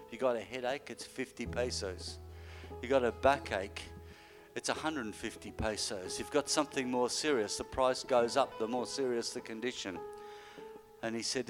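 A man preaching a sermon, telling a healing story and building to loud, high-pitched exclamations at the climaxes. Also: normal speed. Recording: music playing behind the voice. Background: guitar music.

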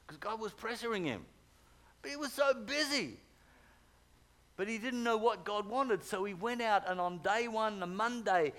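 A middle-aged pastor preaching a sermon, telling stories with animated swings from loud urging to hushed tones. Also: male voice, high-pitched.

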